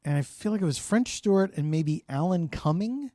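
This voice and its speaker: A woman co-hosting a podcast from home, talking in a relaxed, easygoing way and backing up her partner with many "mm-hmm"s. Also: fairly low pitch, moderate pace, dry recording, clean studio sound. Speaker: podcast co-host. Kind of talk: casual chat.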